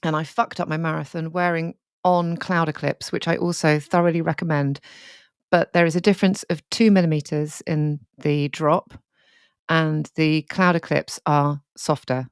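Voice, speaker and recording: In a clean, studio-quality recording with no room sound, a woman co-hosting a podcast speaks in a low voice at a moderate pace with fairly even intonation. In casual chat, she tells a candid, sweary, emotional story.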